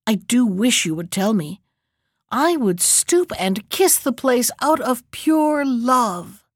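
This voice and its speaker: Woman doing an old captive storybook woman, coaxing, gentle, dry close sound. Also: on the high side, animated, slow, dry recording. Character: captive old woman at a mill, cautious and wily.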